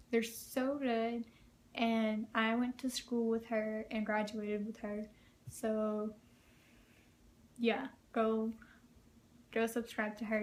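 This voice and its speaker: Chatty young woman, slightly high voice. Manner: chatty, many fillers, laughs often. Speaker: vlogger. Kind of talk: casual storytelling vlog.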